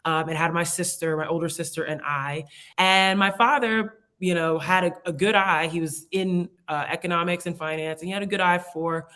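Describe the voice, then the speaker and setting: A woman's voice: lowish voice, steady tone, normal speed, fairly bright tone. A young woman from the United States, a guest in a casual interview, talking in a chatty, reflective way with frequent laughs and fillers.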